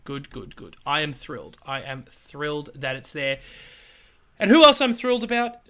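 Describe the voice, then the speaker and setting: Animated, bright-voiced podcast co-host man. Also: a little high. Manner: animated, jokey, quick asides. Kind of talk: casual chat.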